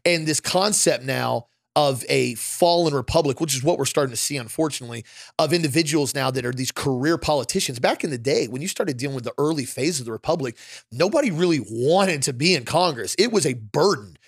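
Animated man telling stories in a dry room. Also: on the high side, a little fast, creaky, husky, no echo. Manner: animated storyteller, acts out quoted people. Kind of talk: casual conversation.

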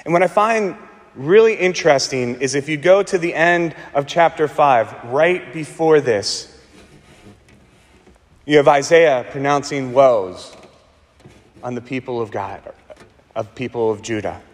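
A man preaching a sermon as pastor, slowing and repeating words for emphasis, with dramatic pauses. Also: mid-range voice, big-room sound.

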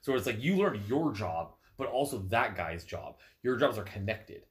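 Stuffy with a cold and sneezing, a young man co-hosting a podcast rambles casually through an explanation, using plenty of fillers. He speaks at a moderate pace in a lowish voice with big pitch swings.

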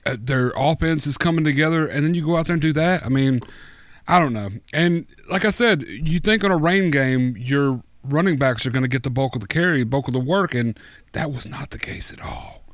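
Male co-host, slightly high voice, exasperated rambling chat, dry close mic. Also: a little fast, no echo. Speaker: podcast co-host. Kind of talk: casual fantasy football chat.

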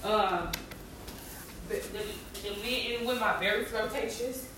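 A woman talks in a casual back-and-forth, leaning hard on her words and saying them twice for weight. Her voice sits at an ordinary pitch. The room around her is echoey, with steady noise underneath. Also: unhurried. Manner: animated, emphatic, repeats herself. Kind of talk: casual chat about zodiac signs.

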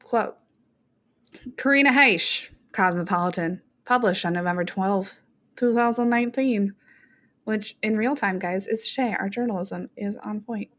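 A woman co-hosting a podcast in casual chat, animated and joking, with frequent swearing. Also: medium pitch, moderate pace. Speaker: podcast co-host.

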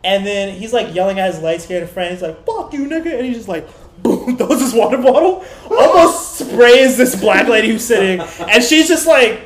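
A man's voice: sits high, expressive, moderate pace, reverberant. A man co-hosting a podcast, chatting casually and telling a rambling, profane story, acting out the people he quotes. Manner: rambling storytelling, swearing, acts out quoted voices. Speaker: podcast co-host. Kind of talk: casual chat.

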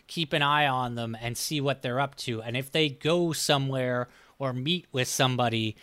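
A man's voice: medium pitch, sharp tone. A man playing a tabletop game, thinking aloud with hesitant starts. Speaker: player. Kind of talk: casual tabletop game play.

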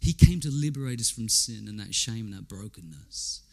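A man's voice: on the low side, expressive, moderate pace, vocal fry. A man preaching a sermon in a conversational way, asking his listeners rhetorical questions, repeating words as he goes and quoting people in character.

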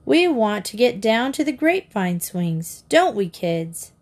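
A woman's voice: fairly high pitch, sing-song, a little slow, exaggerated voice. A woman voicing a bossy girl who taunts and dares others, with a hard edge. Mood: dismissive.

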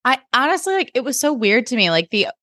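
A woman's voice: big pitch swings, quick pace, bright, forceful tone, no echo, studio quality. A young woman co-hosting a podcast, chatting casually about a TV episode and acting out quotes, filling her talk with "like". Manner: chatty, many "like" fillers, acts out quotes in a higher voice. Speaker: podcast co-host. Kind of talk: casual chat recapping a TV episode.

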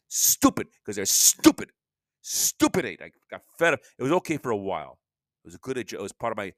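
A man's voice: fairly low pitch, a bit bright, no echo, studio quality. An older man hosting his own podcast, rambling through a restless solo monologue that breaks into sudden bursts. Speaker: podcast host.

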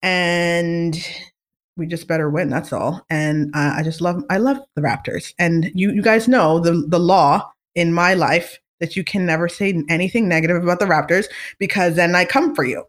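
A woman hosting a casual talk show, chatting in an animated, opinionated way with many fillers and asides. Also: lowish voice, normal speed. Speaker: podcast host. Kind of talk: casual chat.

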